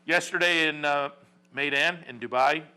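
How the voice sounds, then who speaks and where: A man hosts a horse racing radio talk show in a loose, casual way, full of fillers and restarts. His voice sounds bright and forceful. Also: on the high side, normal speed, smooth. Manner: rambling, many fillers and restarts.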